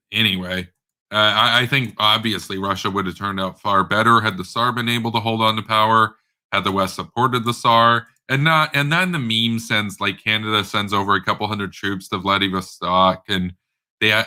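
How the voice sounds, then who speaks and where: Male commentator with a low, piercingly bright voice; blunt, sarcastic, stumbling off-the-cuff rant. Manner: rambling, with frequent fillers and stammered repeats. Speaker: political commentator. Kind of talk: casual unscripted political rant.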